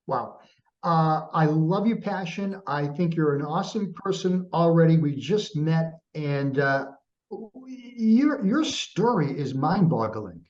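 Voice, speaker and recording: A man's voice: a little high, animated, slow, darkish tone. A man hosting an interview over a video call, asking questions hesitantly with many fillers. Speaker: host. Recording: dull lo-fi sound.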